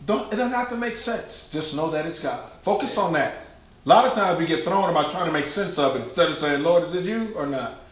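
A man preaching a sermon in a church, lively and conversational, acting out quotes and laughing along with the congregation. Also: on the high side, fairly quick. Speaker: pastor. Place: large church sanctuary. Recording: echoey church room.

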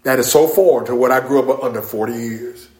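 A middle-aged man preaching a sermon as pastor, emphatic and calling out amens, rising at times to shouts. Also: mid-range voice, a little fast, faint music behind. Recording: echoey room.

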